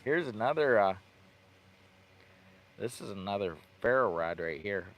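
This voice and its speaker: A man talks slowly and loosely from inside a parked car camper, rambling through his gear on a casual livestream. His mid-pitched voice has a gravelly, fry-laden edge. A faint hiss sits under the recording. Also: animated. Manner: rambling, laughs at himself, baby-talks to his dog. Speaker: vlogger.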